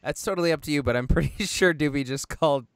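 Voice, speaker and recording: A man's voice: fairly high pitch, clear, resonant tone. A young man co-hosting a casual podcast, wry and teasing, often cutting in. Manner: wry, teasing, quick to interject. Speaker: podcast co-host.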